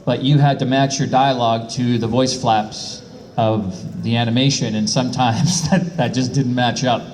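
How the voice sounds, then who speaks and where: A man's voice: medium pitch, steady tone, moderate pace, a little mellow. A man appearing as a voice actor guest on a convention panel, telling anecdotes with frequent laughs.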